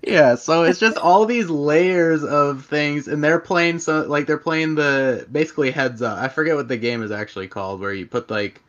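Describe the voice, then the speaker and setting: A man's voice: a little high, normal speed, few pauses, fairly bright tone. Enthusiastic man on a dull mic. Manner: enthusiastic, rambling. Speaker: podcast co-host. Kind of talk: casual chat about a film. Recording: slightly dull lo-fi sound.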